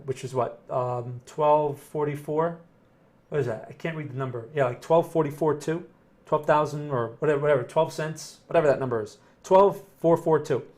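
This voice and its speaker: A man hosting a casual live session, answering viewer questions while he reads trading charts aloud in a conversational, think-aloud way. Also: fairly high pitch. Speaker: trading analyst host.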